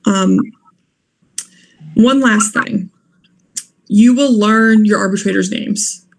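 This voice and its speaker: A woman's voice: medium pitch, slow, creaky, a little hiss or hum. A young woman giving practical advice on moot court arguments in an informal, earnest way, with fillers and restarts. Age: young adult.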